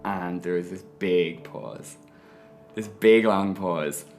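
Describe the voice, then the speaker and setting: A man with an Irish accent, telling his own story to camera in a frank, animated way. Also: deep voice, slow pace, faint music behind. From Ireland. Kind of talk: personal testimony to camera.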